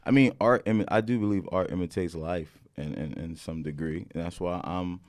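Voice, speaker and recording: Low-voiced, laid-back man, hedging. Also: fairly quick, darkish tone, no echo. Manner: laid-back, hedging, repeats his words. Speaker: podcast co-host. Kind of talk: casual chat.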